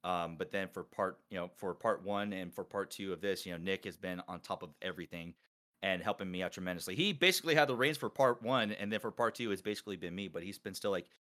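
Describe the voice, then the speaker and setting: A man hosting a casual group call, talking excitedly and rambling with many restarts. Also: deep voice, fast. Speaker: podcast host and collab organizer.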